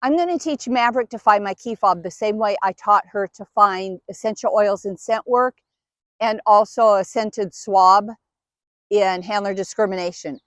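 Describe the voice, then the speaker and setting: A woman's voice: mid-range voice, moderate pace, no room sound. A woman dog trainer patiently explaining each step while giving cues and praise to her dog. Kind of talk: instructional demonstration.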